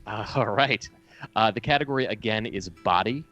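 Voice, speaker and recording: A man's voice: lowish voice, normal speed, bright, forceful tone, muffled recording, faint music behind. A man co-hosting a comedic call-in show as a mock quiz host, hesitant and full of restarts. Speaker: co-host playing game-show host. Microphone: video call setup.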